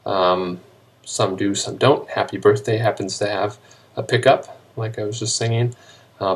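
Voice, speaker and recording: A man teaching a recorded high school music lesson, explaining terms in a relaxed way with frequent ums and pauses. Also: vocal fry. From United States. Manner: relaxed explaining with many ums, sings short melody examples slowly. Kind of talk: recorded classroom video lesson.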